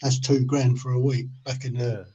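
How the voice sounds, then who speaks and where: An English man in his fifties hosting a podcast, chatty and quick to laugh as he tells anecdotes. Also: medium pitch, flat delivery, warm tone. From England. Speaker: podcast host. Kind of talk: casual interview chat. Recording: dull lo-fi sound.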